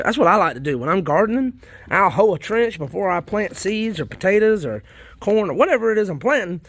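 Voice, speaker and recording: There's no echo on this high-sitting male voice. A worm farming vlogger from South Carolina, he rambles casually and folksily while filming his worm bins, getting excited at the drop of a hat.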